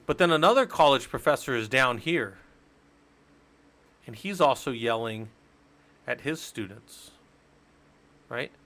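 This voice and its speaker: A man's voice: mid-range voice, lively intonation, measured pace, pauses often, bright, forceful tone. A man teaching networking on a casual live stream, explaining step by step and joking with his viewers. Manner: chatty, explains step by step, jokes with chat. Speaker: live-stream Linux instructor.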